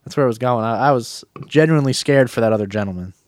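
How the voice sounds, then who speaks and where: A man telling stories in casual chat, animated and swearing casually. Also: mid-range voice, quick pace, dry recording, clean studio sound.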